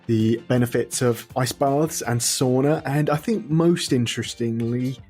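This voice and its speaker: A man's voice: medium pitch, measured pace, darkish tone, soft background music. A man co-hosting a podcast in casual chat, playful and often restarting his phrases. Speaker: podcast co-host.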